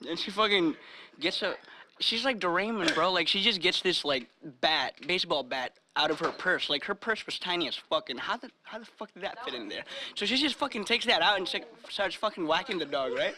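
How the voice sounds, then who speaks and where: A man's voice: high voice, animated, a little fast, sharp tone. A young man telling a crude comic story in a rambling, giggly way with lots of fillers. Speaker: storyteller on a comedy podcast.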